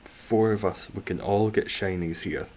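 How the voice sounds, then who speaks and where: Scottish male streamer, low voice, slow and easy delivery, jokey and sweary, casual game-stream chat. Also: steady tone, a little mellow, a little hiss or hum. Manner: joking, rambling and sweary.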